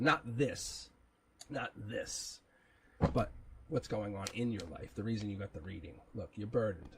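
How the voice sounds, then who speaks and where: A man's voice: on the low side, measured pace, long pauses, noisy background. A man hosting a live tarot reading, talking in a rambling, casual way, chuckling often and swearing now and then. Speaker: tarot reader, livestream host.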